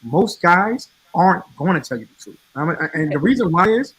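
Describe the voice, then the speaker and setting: A man's voice: sits high, sing-song, moderate pace, fairly bright tone, husky, poor audio. A man hosting a podcast, probing with questions and tagging points with "right?". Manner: probing, says "right?" often. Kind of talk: casual podcast interviewing.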